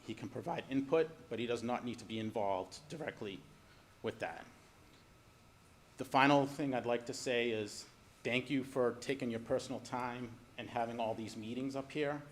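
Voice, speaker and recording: A man's voice: mid-range voice, moderate pace. A man, giving firm, advising public comment at a city council meeting, with faint room noise. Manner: firm, advising, then softly caring. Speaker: resident speaking at public comment.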